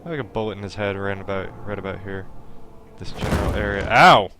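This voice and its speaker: A man's voice: deep voice, level tone, fairly quick, music in the background. A man giving casual let's-play commentary, with joking, incredulous remarks. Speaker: game player commentator.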